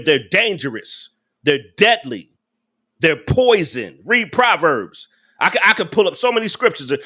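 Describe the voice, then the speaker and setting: Bright-voiced, angry, preachy man. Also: on the high side. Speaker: host of a live reaction channel. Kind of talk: live reaction rant.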